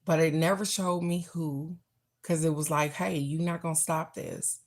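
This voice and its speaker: A woman's voice: low voice, fairly even intonation, normal speed. Chatty middle-aged woman reading cards. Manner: chatty, talks straight to viewers, blunt and affectionate. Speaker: oracle card reader. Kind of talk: casual live-stream card reading.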